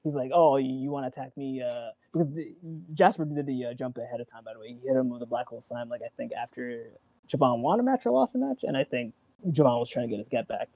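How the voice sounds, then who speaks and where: A man in casual chat about wrestling, rambling and excitable, acting out quotes and swearing. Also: medium pitch, fast talker, dry recording, highs cut off. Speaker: wrestling show co-host.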